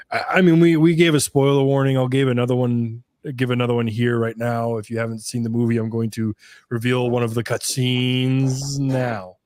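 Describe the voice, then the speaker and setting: Easygoing halting man, dry sound. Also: medium pitch, a little mellow, no room sound. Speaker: podcast co-host. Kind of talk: casual movie discussion.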